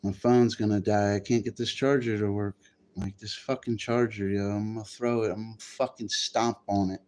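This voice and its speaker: A man's voice: fairly low pitch, steady tone, moderate pace, darkish tone, slight background noise. A man chatting casually on a livestream, rambling and swearing freely. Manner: profane, rambling, easily frustrated. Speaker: live streamer.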